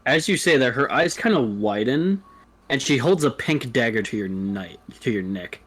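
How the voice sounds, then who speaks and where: A man's voice: medium pitch, animated, normal speed, a bit bright, poor audio. A young man narrating as dungeon master in a casual, joking way. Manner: casual, swears, plays the townsfolk lines himself. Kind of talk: narrating a tabletop game.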